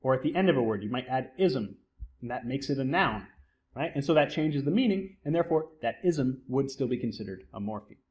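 A man at a mid-range pitch delivers a lecture in a steady explanatory way. He keeps checking in with "right?" and poses questions that he answers himself. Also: brisk, dull audio. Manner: explanatory, often asks and answers his own questions. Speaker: psychology instructor.

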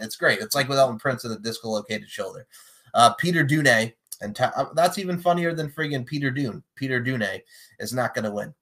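A man hosting a casual chat, animated and joking, with sudden loud bursts. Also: mid-range voice. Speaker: podcast host predicting wrestling matches.

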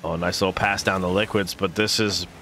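Young male stream caster, playful and silly, bright tense tone, live commentary. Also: low voice, steady tone, brisk, vocal fry, a little hiss or hum. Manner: playful, silly made-up words, chats with viewers.

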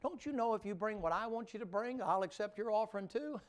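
A man voicing God as a patient, firm speaker who answers calmly. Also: high-pitched, fast, voice pushed up, close to an everyday voice. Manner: calm and commanding.

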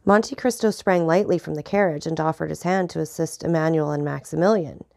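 A woman narrating an audiobook of a classic novel in a steady, clear reading voice. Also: deep voice, brisk, dry recording, studio quality.

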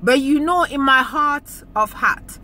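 Slow-spoken woman with a bright voice. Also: high voice, a little hiss or hum. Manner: emotional, earnest, repeats phrases for emphasis. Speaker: YouTube channel host. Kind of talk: heartfelt thank-you talk to viewers.

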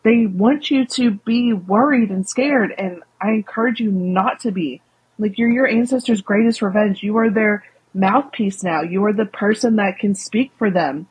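A woman's voice: mid-range voice, moderate pace, breathy edge, poor audio. A young woman with a Southern US accent, a guest speaking candidly and animatedly in a casual interview. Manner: candid, animated, many fillers.

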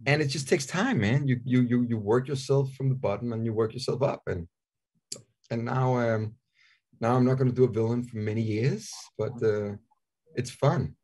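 A man's voice: mid-range voice, normal speed, a little mellow, breathy edge. A man in his forties from Denmark with a Danish accent, chatting candidly as an interview guest, joking and often repeating himself. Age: 40s. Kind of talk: casual interview chat.

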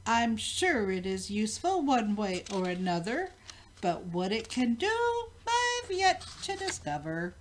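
A grandmother doing a shy, slow-spoken inventor. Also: a little high, very animated, a little hiss or hum. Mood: apologetic. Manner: slow, soft, hesitant. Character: humble shy male inventor.

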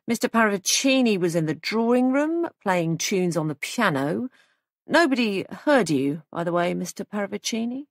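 A woman's voice: mid-range voice, very animated, moderate pace, dry recording, clean studio sound. A woman voicing a stern male police sergeant in an audiobook, speaking in a firm, clipped, probing way. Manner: firm, clipped, pressing questions.

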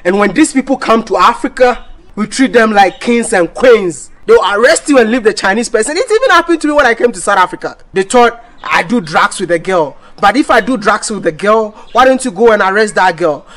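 A man's voice: high voice, animated, a little fast, fairly bright tone. A man vlogging to camera in an indignant, repetitive rant, often restarting his sentences. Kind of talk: ranting vlog to camera.

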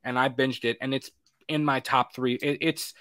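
A young man co-hosting a casual chat show, animated, swearing, acting out his own reactions. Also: mid-range voice, normal speed. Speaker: podcast co-host.

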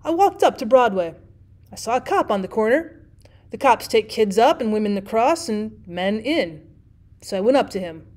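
A woman's voice: on the high side, expressive, moderate pace, a little mellow. A woman teacher reading a classic short story aloud as audiobook narration.

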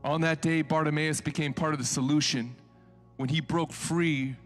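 A male pastor preaching a sermon in a colloquial, conversational way, swinging between hushed storytelling and loud, impassioned exhortation. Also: a little high, steady tone, moderate pace, faint music behind.

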